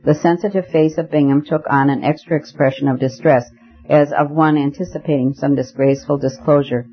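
Guy reading a story aloud, measured and even, muffled recording. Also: on the high side. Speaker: audiobook narrator. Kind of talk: scripted narration.

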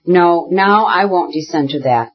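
A reader voicing Kitty, a proud young woman who speaks in impassioned, insistent bursts, with a husky voice. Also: mid-range voice, a little slow, dull audio, lightly acted. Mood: furious. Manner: impassioned, insistent, repeating herself. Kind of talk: audiobook character reading.

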